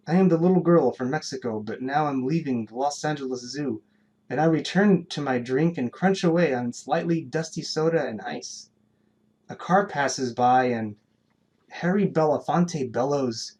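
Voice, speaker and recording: A man reads his poem aloud at a live poetry event. His voice sits a little high, and he recites slowly and deliberately, letting pauses hang between the lines. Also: a little mellow. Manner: slow, measured recitation with dramatic pauses. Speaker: poet. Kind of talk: poetry reading.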